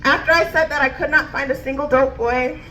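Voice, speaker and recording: A woman's voice: sits high, steady tone, fairly quick, bright, forceful tone, slight background noise. A woman comedian telling a standup story, bubbly and laughing as she goes.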